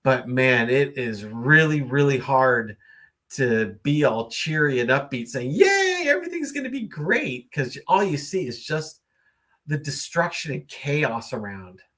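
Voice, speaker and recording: A man's voice: mid-range voice, measured pace, fairly bright tone. A man hosting a casual late-night live stream, musing at length with many fillers and reading out viewer comments. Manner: reads viewer comments aloud and greets viewers.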